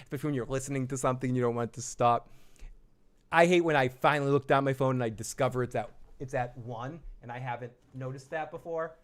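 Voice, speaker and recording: Man, casual recap chat, profane, rambling, jokey, average pitch. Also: fast. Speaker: TV show reviewer.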